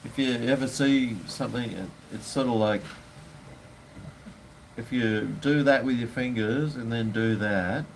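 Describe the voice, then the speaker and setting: Casting: Australian bloke, live-stream host, sweary and rambling, faint background hum. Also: male voice, medium pitch, unhurried. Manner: rambling, blunt, swears freely. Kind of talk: casual live-stream chat.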